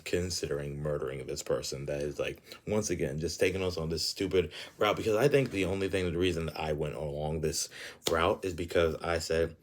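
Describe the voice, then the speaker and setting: A young man telling a personal story in a casual, animated way, full of fillers and swearing. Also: rumbling low, a little fast. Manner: animated, filler-heavy, profane ranting.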